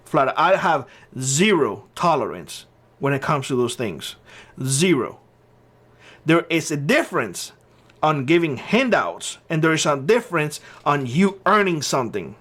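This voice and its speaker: A man's voice: on the high side, a bit bright. A man hosting his own channel, giving blunt opinion commentary and hammering his points by repeating short phrases. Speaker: channel host.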